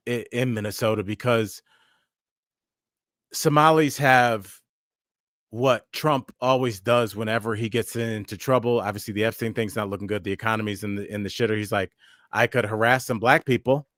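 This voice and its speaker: A man's voice: fairly low pitch, steady tone, normal speed, a bit bright, no room sound, studio quality. A man co-hosting a news and comedy podcast, talking casually with frequent fillers and restarts. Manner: conversational, many fillers and restarts. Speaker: podcast co-host.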